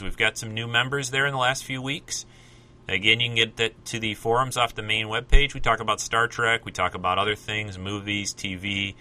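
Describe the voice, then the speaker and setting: A man's voice: medium pitch, sharp tone. A man hosting a solo podcast, talking casually and rambling with self-corrections and asides. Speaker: podcast host.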